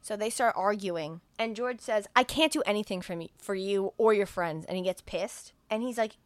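A woman's voice: medium pitch, moderate pace, few pauses, no room sound. A woman hosting a podcast, casually recapping a movie plot in a chatty, profane way with acted-out dialogue. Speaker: podcast host.

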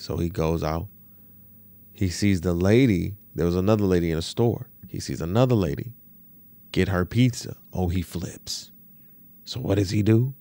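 A man's voice: sits low, moderate pace, warm tone. A man hosting a solo podcast, telling a story in a casual, slangy way and often checking in with rhetorical questions. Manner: profane, slangy, with stammered restarts. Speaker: podcast host.

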